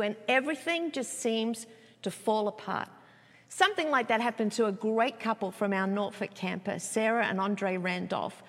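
A woman pastor preaching a sermon, telling a story with expressive delivery and many rhetorical questions. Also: fairly high pitch, long reverb tail.

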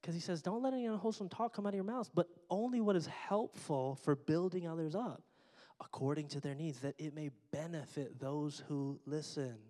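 A middle-aged pastor preaches briskly in a mellow, a little high voice. Conversational and joking with the congregation, he is heard in a church sanctuary with a long hall reverb.

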